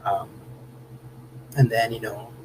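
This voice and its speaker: A man's voice: lowish voice, little pitch movement, slow, a little mellow, a little hiss or hum, low-quality recording. A man from Southern California hosting a casual live stream, chatting with viewers in a laid-back way and tossing in "man" and "bro" often. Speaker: host of a car channel livestream. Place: home room.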